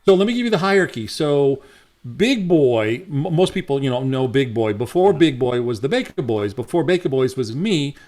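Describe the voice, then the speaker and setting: A man's voice: medium pitch, very animated, moderate pace, a little mellow. A man, a former radio DJ, reminiscing as a guest in a casual interview.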